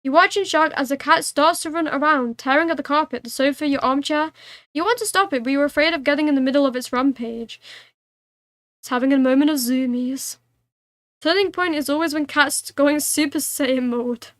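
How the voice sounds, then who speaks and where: A woman's voice: high-pitched, moderate pace, no echo, studio quality. A young woman streaming a game, reading its text aloud and chatting, playful and giggly with cat-like meows.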